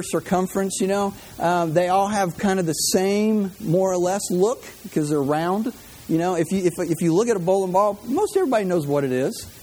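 A man's voice: high voice, mellow. A man preaching a humorous sermon in a church, chatty, repeating words and tossing in jokey asides.

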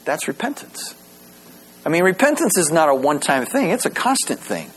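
A man preaching a sermon, animated and conversational, stumbling over repeated words as he starts sentences and slowing down to read scripture aloud. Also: fairly high pitch, husky. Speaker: pastor.

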